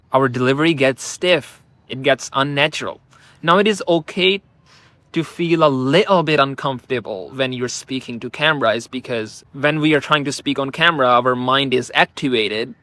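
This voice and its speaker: A man of middle pitch talks straight to camera as a speaking coach, drawing out his words slowly and leaning hard on key phrases. His delivery is relaxed and chatty, full of "like," and the sound is close and dry. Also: no room sound. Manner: slow, drawn-out, deliberate delivery with emphatic rises; relaxed and conversational, peppered with "like". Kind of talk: talking to camera.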